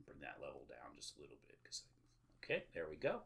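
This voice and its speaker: A man's voice: very deep voice, huge pitch swings, quick pace, vocal fry, fairly bright tone. A man hosting a podcast, recapping a film plot in casual, sarcastic chat full of filler sounds. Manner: rambling, with many filler sounds and sarcastic asides. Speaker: podcast host.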